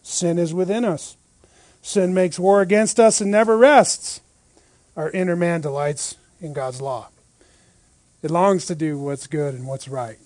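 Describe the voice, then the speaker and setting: A man teaching a Bible study, lively and full of rhetorical questions, often checking in with "right?". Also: on the high side, measured pace, no room sound.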